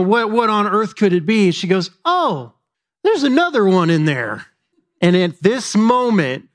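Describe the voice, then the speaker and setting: A man in his thirties preaching a sermon, telling a personal story in a conversational way and speaking directly to the congregation. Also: high-pitched. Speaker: pastor.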